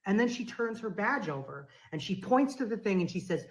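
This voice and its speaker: A woman's voice: mid-range voice, fairly quick, hardly any pauses, poor audio. A woman guest on a podcast telling a story in a conversational way, acting out the lines of the people in it. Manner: animated, acts out quoted dialogue.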